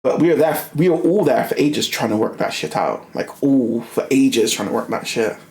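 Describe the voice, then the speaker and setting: A man's voice: mid-range voice, normal speed, gravelly, echoey room. A young man ranting casually while he plays a game, swearing often and tripping over his words. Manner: animated, swears a lot, repeats himself. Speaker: gaming streamer. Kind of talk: casual rant while gaming.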